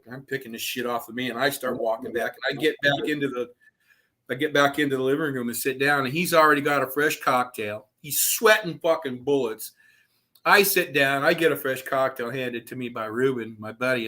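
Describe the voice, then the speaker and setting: A man telling his own story as a guest over a video call, profane and animated, chuckling as he goes. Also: medium pitch. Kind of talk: casual storytelling.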